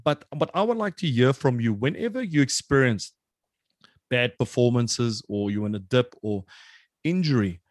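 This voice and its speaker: Chatty former player, dry sound. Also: male voice, mid-range voice, animated, moderate pace, no room sound. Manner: chatty, filler-heavy, jovial. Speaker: former rugby player asking a question. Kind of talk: casual chat.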